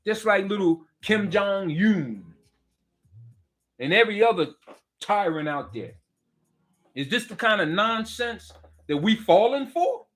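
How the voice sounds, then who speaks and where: Unhurried yet animated, a middle-aged commentator with a high, slightly bright voice launches into a heated political rant, pausing often. He preaches with fire, circles back to his points and puts questions directly to the listener.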